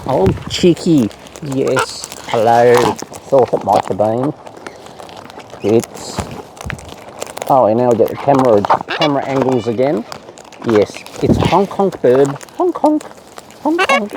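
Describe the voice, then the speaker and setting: A man's voice: medium pitch, expressive, takes it slowly, long pauses. A man chatting to wild birds outdoors in playful baby talk, full of coos and silly nicknames. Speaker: bird-feeding vlogger. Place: outdoors among wild cockatoos. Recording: noisy outdoor recording.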